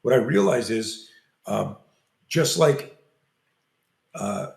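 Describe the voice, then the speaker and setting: A man's voice: mid-range voice, takes it slowly, creaky. An older man, a self-defense coach, tells a long story in an interview and acts out the quoted lines as he goes. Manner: animated storyteller acting out quoted dialogue. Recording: roomy echo.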